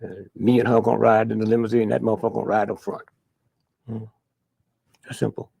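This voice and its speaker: An older man, telling stories in an interview with a blunt, profane manner and a husky, gravelly voice. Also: lowish voice, little pitch movement, fast talker, dark tone. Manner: blunt, profane, punctuating with "huh?". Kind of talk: candid storytelling interview.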